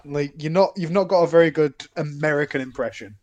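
A man's voice: fairly high pitch, quick pace, a little mellow, highs cut off. Teasing young podcast man. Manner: teasing, dry banter. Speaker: podcast co-host. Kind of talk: casual chat.

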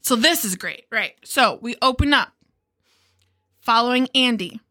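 A woman's voice: on the high side, measured pace, bright, forceful tone. A woman hosting a casual podcast chat, chatty and giggly, swearing freely as she recaps a show. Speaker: podcast host.

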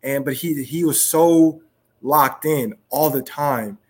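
A young man, a professional football player, talking casually as a guest, softly and with many restarts. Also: on the high side. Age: young adult. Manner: soft-spoken, halting with many restarts. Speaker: guest, pro football wide receiver. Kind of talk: casual interview talk.

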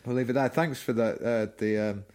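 A man's voice: medium pitch, a little fast, a little mellow. A man co-hosting a casual games podcast, easygoing and agreeable. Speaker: podcast co-host.

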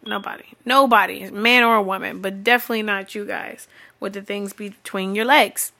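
A woman's voice: mid-range voice, fairly even intonation, moderate pace, vocal fry, sharp tone. A woman ranting bluntly and profanely in an unscripted comedic monologue, sounding exasperated and often laughing. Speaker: vlogger.

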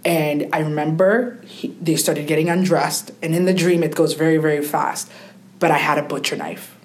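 A young woman with a fairly low voice shares a candid, emotional story as a podcast guest. Her delivery is animated and she mimics the voices of family members as she talks. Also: normal speed.

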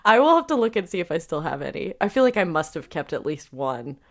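A woman's voice: lowish voice, very animated, quick pace. A woman co-hosting a podcast in casual chat, playful and teasing, laughing often. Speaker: podcast co-host.

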